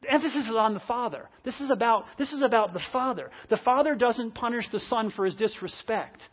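A preacher in full sermon mode, leaning hard on repeated phrases and dropping from loud, driven emphasis to near-hushed stretches. The voice sits at a middling pitch. The recording is dull and lo-fi, with the top end muffled. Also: a little fast, husky.

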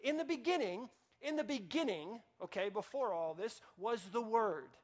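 High-voiced man preaching a sermon. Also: animated, moderate pace. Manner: emphatic, repeats phrases and restarts sentences. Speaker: pastor.

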